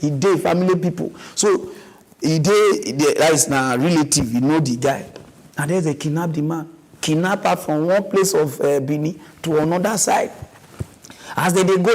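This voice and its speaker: A man with a Nigerian accent hosting a mock news show, rambling in animated comic commentary and mixing in pidgin. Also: sits high, low-quality recording.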